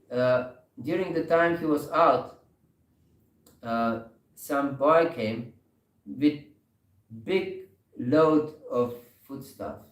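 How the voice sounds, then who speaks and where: A man giving a sermon in a temple hall, telling a story slowly with many pauses and soft laughs. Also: medium pitch, recorded from a distance. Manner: slow storytelling with frequent pauses and hesitations, laughing softly. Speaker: speaker giving a scripture class.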